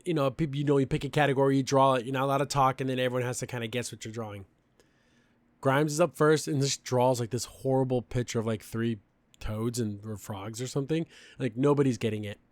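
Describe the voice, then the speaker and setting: A man's voice: mid-range voice, fast talker, no room sound. A young man hosting a podcast, recapping a cartoon episode in a chatty, opinionated way with lots of fillers. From Mexican family background. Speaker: podcast host.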